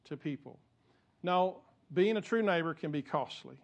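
A man preaches from the pulpit. His voice sits a little high and swings widely, moving from easy, chatty asides to emphatic, rising peaks. He talks to the congregation directly, the way a pastor does. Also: animated, moderate pace, vocal fry. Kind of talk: sermon.

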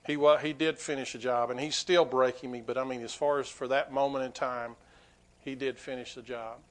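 A man preaching a sermon to his congregation, swinging between quiet asides and loud, emphatic peaks. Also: mid-range voice, fairly even intonation, brisk. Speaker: pastor.

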